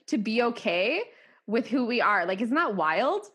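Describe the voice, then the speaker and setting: A woman with a Canadian accent hosts a podcast in a bubbly, chatty way. Her voice sits a little high, and she laughs often while acting out what people said. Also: very animated, a little slow, fairly bright tone, husky. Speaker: podcast host. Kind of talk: casual podcast chat.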